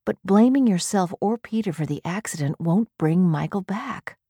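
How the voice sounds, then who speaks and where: Woman doing a gentle husband, soft, quiet, patient, storybook reading, dry sound. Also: lowish voice, animated, moderate pace, slightly rough, no room sound.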